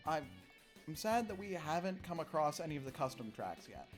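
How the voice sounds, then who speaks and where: A man's voice: fairly high pitch, big pitch swings, faint music behind. A man running a tabletop game, chatting casually and joking with his players over a voice call. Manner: joking, quick to laugh. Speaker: game master. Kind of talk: casual pre-game chat.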